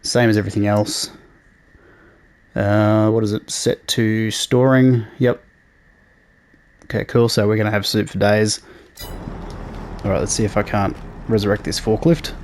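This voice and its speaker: A man hosting a casual let's play, relaxed and talking through each task as he plays. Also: on the low side, unhurried, pauses often. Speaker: gaming channel host.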